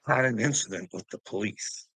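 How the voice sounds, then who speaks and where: Man, middle-aged, ranting vlog monologue, agitated, profane, gravelly, dry sound. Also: mid-range voice, a little fast, bright, forceful tone, dry recording, low-quality recording. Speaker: vlogger.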